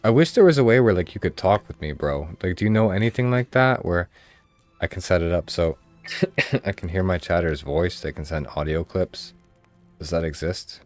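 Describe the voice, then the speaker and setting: A man's voice: sits low, normal speed, darkish tone, faint music behind. A man with a Mid-Atlantic American accent giving casual, chatty gameplay commentary as a streamer. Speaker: game streamer.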